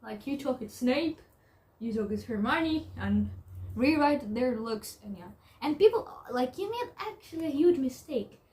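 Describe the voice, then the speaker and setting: A young adult woman in a casual vlog commentary, talking haltingly with lots of fillers and restarts. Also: sits high, animated, darkish tone. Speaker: YouTuber.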